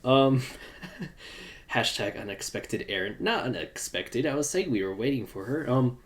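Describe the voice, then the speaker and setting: A man's voice: mid-range voice, lively intonation, measured pace. A man hosting a casual live podcast from his room at home, talking loosely and greeting viewers in the chat. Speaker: podcast host.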